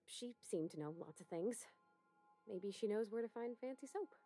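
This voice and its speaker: A woman's voice: medium pitch, animated, normal speed, dark tone, soft background music, lightly acted. An actress playing a shy young female starship engineer, speaking hesitantly and self-consciously in a video game. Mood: bashful.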